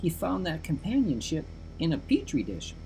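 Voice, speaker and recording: Man putting on a scrawny boy's high, shaky voice. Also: sing-song, normal speed, gravelly, dark tone, slight background noise, rough recording. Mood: nervous reading. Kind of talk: audiobook reading.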